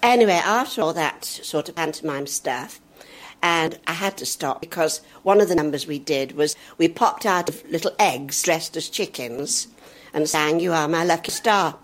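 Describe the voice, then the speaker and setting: A woman's voice: low-pitched, animated, moderate pace. An older woman from northern England, a veteran actress telling chatty, self-mocking comic stories. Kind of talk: comic anecdote.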